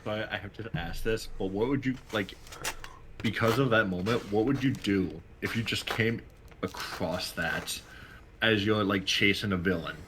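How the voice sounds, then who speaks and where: A man's voice: on the low side, moderate pace, a bit bright, slight background noise. A man co-hosting a casual podcast chat, swearing and laughing easily. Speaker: podcast co-host.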